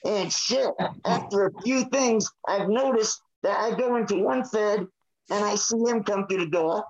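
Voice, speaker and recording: A man's voice: high voice, moderate pace, lo-fi sound. A man co-hosting a podcast, ranting angrily and swearing hard. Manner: angry, swearing, fired up. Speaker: podcast co-host. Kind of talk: profane ranting chat.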